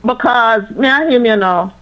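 A woman's voice: a little high, normal speed, dull audio. A woman with a Jamaican accent chatting casually with a friend, teasing and insistent, slipping patois into her speech. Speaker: church member. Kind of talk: casual chat between friends.

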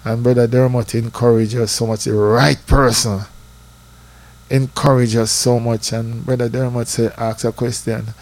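A man with a Jamaican accent telling a personal church testimony in a lively storytelling way, slipping into patois. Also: mid-range voice, normal speed. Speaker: church member giving testimony.

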